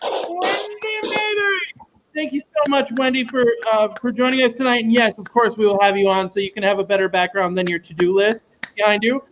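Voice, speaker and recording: A man's voice: high-pitched, fairly even intonation, fast, noisy background. A man hosting an online comedy show over a video call, enthusiastic and rambling.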